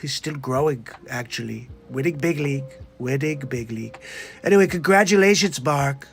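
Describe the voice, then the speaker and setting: A bragging older politician who loops the same catchphrases and talks himself up, as a man does the bit. Lower than his own voice, with a self-satisfied swagger. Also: moderate pace, creaky, natural voice. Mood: boastful. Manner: boastful, repetitive catchphrases. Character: boastful older male politician. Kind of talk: comedic impression.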